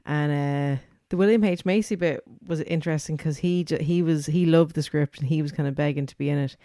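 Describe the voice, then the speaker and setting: A man's voice: fairly high pitch, fairly even intonation, a little fast, warm tone, dry recording, clean studio sound. A man co-hosting a podcast, eagerly retelling film trivia and scenes step by step. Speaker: podcast co-host. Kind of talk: casual film chat.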